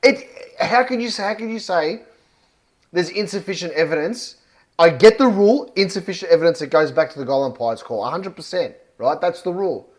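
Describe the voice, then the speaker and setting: Australian male fan vlogger, high-pitched, fired up, swears, emphatic ranting review. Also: animated, fairly quick. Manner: worked up, swears often, punchy and emphatic. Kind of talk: heated match review rant.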